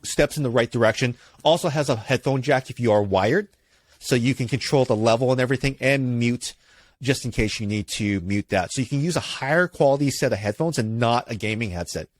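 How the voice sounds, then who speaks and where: Speaking fairly quickly at a medium pitch, a man co-hosting a laid-back tech podcast reviews gear, going on at length with frequent fillers and false starts. He's miked closely with a dynamic microphone in a studio, leaving no room sound.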